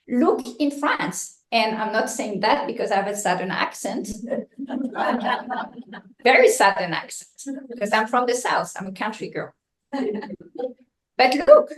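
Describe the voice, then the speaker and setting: Fiery woman candidate in an echoey room. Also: high voice. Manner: impassioned, joking, blunt. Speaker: political candidate. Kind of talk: campaign speech at a meeting.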